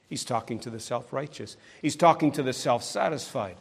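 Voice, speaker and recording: A man's voice: mid-range voice, normal speed, creaky, breathy edge. A middle-aged man preaching a sermon, emphatic and pointed, often turning his statements into sarcastic tag questions. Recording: long hall reverb.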